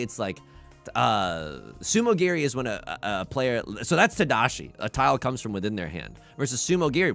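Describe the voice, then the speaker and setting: A man streaming a game while casually chatting and answering chat, animated and self-deprecating. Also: mid-range voice, gravelly.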